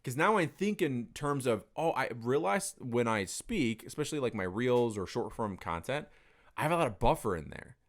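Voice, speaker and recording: A man talks in a loose, casual conversation, and his pitch swings widely as he tells a story. He fills his talk with fillers and swears freely. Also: lively intonation, normal speed.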